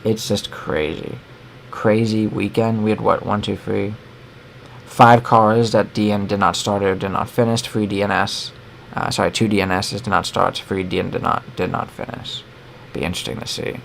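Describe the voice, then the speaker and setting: A man's voice: on the low side, fairly even intonation, normal speed, gravelly, a bit bright, slight background noise. A young American man co-hosting a sports show, rambling opinionated commentary full of fillers and self-corrections.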